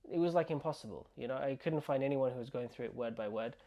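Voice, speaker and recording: A man teaching an online language lesson, slowly repeating words and sounds for the learner to copy. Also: mid-range voice, lo-fi sound. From United Kingdom. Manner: slow, repeating words and sounds to drill pronunciation. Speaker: Arabic teacher.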